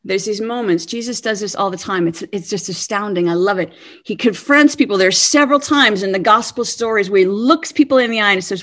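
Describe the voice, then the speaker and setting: A woman in her fifties giving a sermon-style talk, earnest and animated, laughing now and then. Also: medium pitch, a little fast. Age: 50s. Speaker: speaker.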